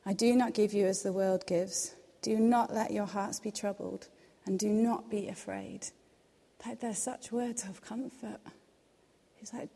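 A woman's voice: mid-range voice, fairly even intonation, a little slow, gravelly, slightly rough. Earnest woman speaking in reverberant hall. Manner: earnest, reassuring, quotes scripture softly. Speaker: devotional speaker. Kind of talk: devotional teaching.

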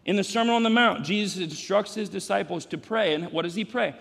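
High-voiced pastor preaching in a reverberant sanctuary. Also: male voice, brisk, creaky, hardly any pauses. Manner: dynamic, swings from hushed to shouting, wry asides. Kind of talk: sermon. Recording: long reverb of a big sanctuary.

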